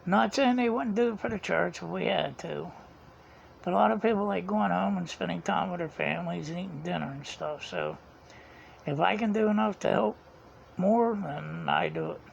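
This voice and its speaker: A man's voice: sits high, expressive, normal speed, gravelly. A man, telling a rambling story in a casual vlog, chuckling often and retelling conversations. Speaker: vlogger. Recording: dull lo-fi sound, faint background hiss.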